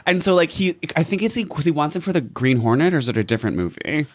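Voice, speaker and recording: A man's voice: a little high, animated, quick pace. A man co-hosting a podcast, rambling loosely through a story with lots of fillers. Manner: rambling, full of "like". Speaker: podcast co-host. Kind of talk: casual chat.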